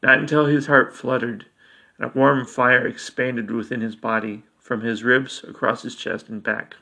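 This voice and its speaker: A man reading a dark story aloud in a steady, measured way. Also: medium pitch, creaky.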